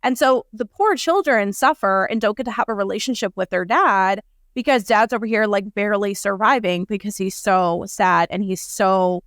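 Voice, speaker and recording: A woman's voice: medium pitch, moderate pace, fairly bright tone, dry recording, clean studio sound. A woman hosting a podcast conversation, talking casually with many fillers. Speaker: podcast host.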